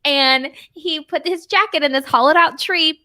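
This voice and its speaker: A woman's voice: high voice, moderate pace, bright, forceful tone. A woman in her thirties co-hosting a podcast, chatting casually, teasing and laughing often. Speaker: podcast co-host. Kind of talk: casual chat.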